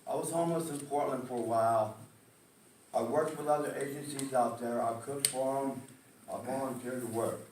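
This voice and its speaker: A man's voice: mid-range voice, steady tone, normal speed, a little mellow, recorded from a distance, a little hiss or hum. A man speaking emotionally at a community meeting, stressing points with a repeated "okay?". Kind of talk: public testimony at a meeting. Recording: echoey hall, picked up from afar.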